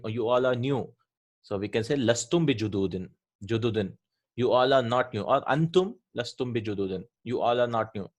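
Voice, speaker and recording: An Arabic grammar teacher with a middle-pitched voice walks students through grammar, pausing after each point with "right?" and "hmm?" Patient and methodical, he repeats forms slowly so they sink in.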